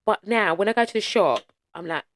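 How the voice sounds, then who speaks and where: A woman co-hosting a podcast in casual chat, a lively storyteller who swears freely and laughs often. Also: mid-range voice, fairly quick. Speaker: podcast co-host.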